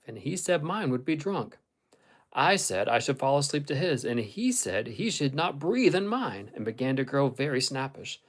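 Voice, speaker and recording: Man, audiobook reader, steady measured pace, mid pitch, classic novel. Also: rough recording.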